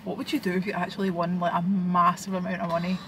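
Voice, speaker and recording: A young Scottish woman chatting as a guest, relaxed and conversational, with the odd swear. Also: lowish voice, fast talker, slight background noise, low-quality recording. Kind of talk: casual chat.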